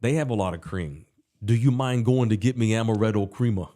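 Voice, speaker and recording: A man's voice: lowish voice, brisk, warm tone, close to an everyday voice. A man putting on a demanding male sports star with a New York accent, making insistent, clipped requests.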